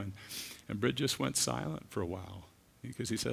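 A man preaching a sermon as a guest speaker, earnest and halting, with frequent restarts. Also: mid-range voice, creaky, slightly rough. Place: church. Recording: long reverb of a large hall.

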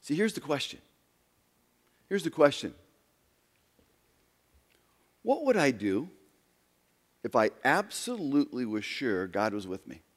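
A man preaching a sermon as pastor, dramatic, swinging between loud emphasis and hushed near-whispers. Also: mid-range voice, huge pitch swings, takes it slowly, long pauses, in a large hall.

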